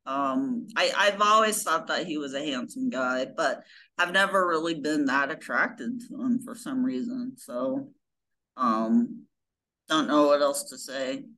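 A woman's voice: rumbling low, unhurried, pushed and bright, poor audio. A woman co-hosting a podcast in casual chat, hesitant and often trailing off. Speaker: podcast co-host.

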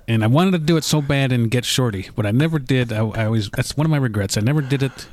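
A man's voice: mid-range voice, quick pace, hardly any pauses. A man in casual chat, giving blunt, dismissive opinions.

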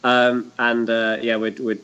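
A man's voice: mid-range voice, monotone, unhurried, pushed and bright, clean tone, muffled recording. A man joining a sports podcast as a guest, hesitant and self-deprecating with small chuckles. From United Kingdom. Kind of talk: casual podcast chat.

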